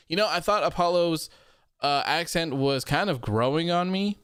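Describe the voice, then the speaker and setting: A young man hosts a casual livestream and greets viewers in a loose, rambling way, full of fillers and repeated phrases. His voice sits a little high and comes across smooth and clear. The sound is dry, with no room echo. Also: moderate pace, fairly bright tone. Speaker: host of a wrestling post show livestream. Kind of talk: casual livestream chat, reading viewer comments.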